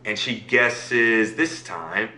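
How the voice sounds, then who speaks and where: A man telling a fairy tale to listeners in an animated way, often checking in with them as he goes. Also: on the low side, extremely slow, echoey room, faint music behind. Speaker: storyteller.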